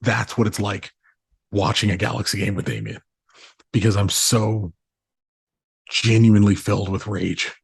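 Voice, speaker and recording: Gravelly low-voiced man, swearing storyteller. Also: steady tone, normal speed, pauses often, no room sound, clean studio sound. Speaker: podcast co-host. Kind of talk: casual chat.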